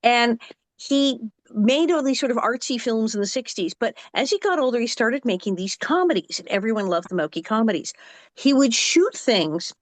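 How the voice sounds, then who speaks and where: A woman in her sixties tells animated stories as an actress guest, jumping into other people's voices as she goes. Her voice sits fairly high, and the recording is dry and close, with no room around it. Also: moderate pace, no echo. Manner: animated storyteller who acts out quotes. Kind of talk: casual interview anecdote.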